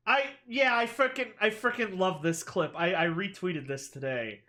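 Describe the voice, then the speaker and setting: A woman streaming a game, chatting casually in an excitable, exclamatory way with casual swearing. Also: fairly low pitch, moderate pace.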